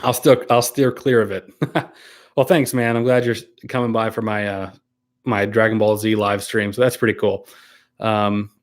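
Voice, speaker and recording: A YouTuber with a slightly low voice hosts a casual live stream, reading viewer comments aloud one after another. He replies in a relaxed, unhurried way, pausing on ums, restarting sentences and laughing easily.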